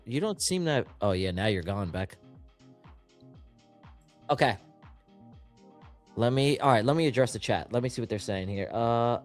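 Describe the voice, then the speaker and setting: A man co-hosting a live trading stream, talking in an animated, slangy, hyped way. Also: medium pitch. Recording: faint music in the background.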